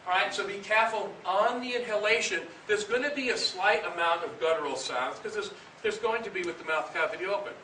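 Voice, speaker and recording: A man leading a band through a breathing warm-up as director, explaining each step and then calling the counts out loudly and firmly. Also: high voice, a little fast. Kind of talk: instructional coaching with counted exercises. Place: large rehearsal room with a band. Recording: echoey room, far from the mic, audible hiss.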